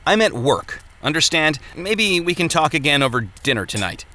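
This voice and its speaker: A man's voice: a little high, sing-song, normal speed, pushed and bright, voice pushed up. A man voicing a weary, irritable male blacksmith who answers in curt grumbles. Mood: grumpy.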